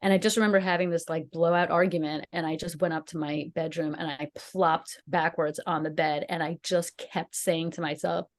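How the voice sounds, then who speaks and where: Animated woman telling a personal story. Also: low-pitched, moderate pace, few pauses. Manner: animated storytelling, lively acted quotes. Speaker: podcast co-host. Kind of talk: casual chat.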